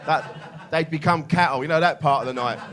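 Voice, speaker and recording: A man's voice: fairly high pitch, brisk. A man doing a stand-up comedy set in a club, brash and swearing, mocking laddish banter. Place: comedy club with live audience. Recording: live club with crowd laughter.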